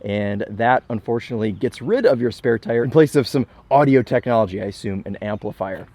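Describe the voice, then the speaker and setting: A young man from Michigan walks around a parked car and talks through it in an easy, chatty way. He sounds enthusiastic and throws in self-deprecating asides. His voice sits in a middle pitch. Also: darkish tone. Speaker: car reviewer. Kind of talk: casual car walkaround commentary.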